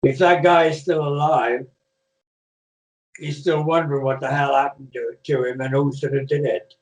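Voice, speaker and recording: An older British man, once a professional wrestler, rambles through stories in a relaxed video-call interview, restarting often and filling gaps with filler words. His voice sits in the mid-range with a level tone and moderate pace. The recording is echoey, with the mic placed far from him.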